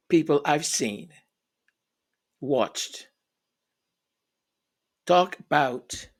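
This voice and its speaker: Slow, scornful woman ranting. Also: fairly low pitch. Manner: scornful, emphatic, repeats and stumbles over words. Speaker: royal commentary vlogger. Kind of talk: opinionated commentary rant.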